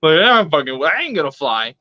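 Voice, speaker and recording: A man's voice: a little high, fast, no room sound. A young man casually telling a story, swearing a lot, laughing and acting out the voices of the people in it. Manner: profane, laughing, animated retelling with quoted voices. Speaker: pet vlogger. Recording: dull lo-fi sound.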